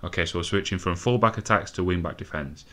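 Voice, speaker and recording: A young man commentating a football game excitedly, nervous and swearing, with laughing bursts. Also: deep voice, quick pace. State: out of breath. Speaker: gaming commentator.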